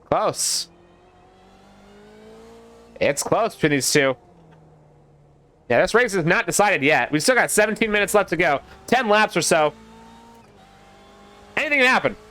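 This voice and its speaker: A young man casting a sim racing league live, chatty and excitable, talking to his co-caster and to the chat. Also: high voice, measured pace, long pauses. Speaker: race caster.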